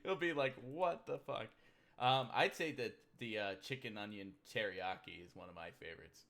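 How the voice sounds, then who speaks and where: A man's voice: fairly low pitch, fairly quick, bright, forceful tone. A man hosting a casual chat, crude and joking, swearing often.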